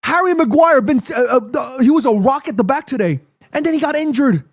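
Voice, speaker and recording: On a live football watchalong fan reaction stream, a man with a very high-pitched voice rants heatedly at his chat, talking a little fast with lively intonation. He swears, addresses the chat directly and defends his team.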